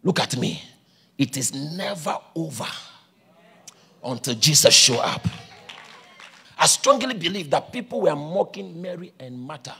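A man preaching a sermon, shouting with passion and a sing-song cadence, with a gravelly voice. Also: on the high side, expressive, unhurried, pauses often.

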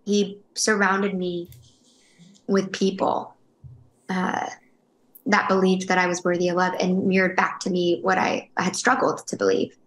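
A woman's voice: lowish voice, fairly even intonation, unhurried. A woman in her thirties, a guest telling her story in an interview, earnest and emotional, with many restarts. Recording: roomy echo.

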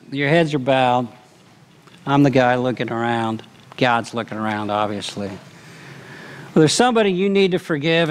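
A man preaching a sermon as pastor, telling a story earnestly and swinging between animated and hushed delivery. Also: medium pitch. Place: church auditorium.

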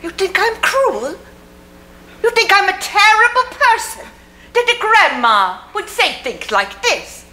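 Actress as a stern old grandmother: high, bright, slow and commanding, roomy stage sound. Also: big pitch swings, heavily acted. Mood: cold. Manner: hard, clipped, commanding. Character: stern old immigrant grandmother, iron-willed. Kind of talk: community theater stage acting. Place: theater stage.

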